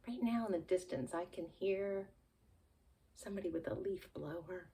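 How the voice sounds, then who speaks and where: A woman leading a gentle relaxation lesson for small children, talking softly, sighing and yawning, and often dropping to a whisper. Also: lowish voice, breathy edge. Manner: slow, soft, sighing and yawning, drifting into whispers. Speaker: children's calm-time presenter.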